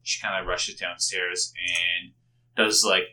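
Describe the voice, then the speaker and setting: A man's voice: low voice, little pitch movement, slow, pushed and bright. A man narrating a tabletop game as game master, loose and conversational, with frequent fillers. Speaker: game master and podcast host.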